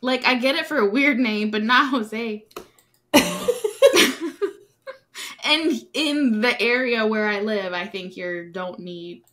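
Woman, podcast co-host, casual chat, slightly high voice, slow delivery, laughs a lot. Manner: laughing, self-mocking, animated quotes.

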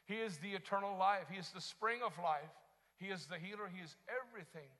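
A man preaching a sermon as pastor, moving from quiet teaching into impassioned shouting. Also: high voice, brisk, in a large hall.

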